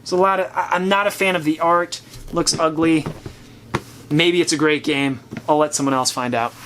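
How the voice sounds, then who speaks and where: Man, host, casual chat, opinionated, thinking out loud, slightly high voice, faint noise behind. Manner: opinionated, chatty, thinking aloud. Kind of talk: casual chat reviewing board games.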